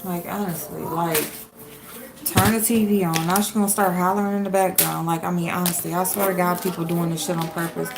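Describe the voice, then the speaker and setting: A woman's voice: fairly low pitch, fairly even intonation, brisk, vocal fry, noisy background. A woman hosting a casual livestream from home, talking straight to her viewers in a blunt, chatty way. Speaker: livestream host. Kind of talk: casual live-stream chat with viewers.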